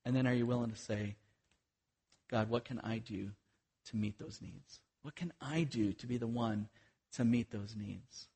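A man's voice: mid-range voice, darkish tone, slightly rough. A man, a missionary, preaching a sermon in an earnest, conversational way, with frequent fillers and restarts.

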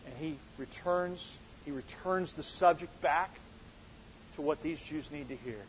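Preacher, male, high husky voice, earnest and emphatic, dull lo-fi sound. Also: a little slow, a little hiss or hum. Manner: earnest, building to emphatic quoted exchanges. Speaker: pastor. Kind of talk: sermon.

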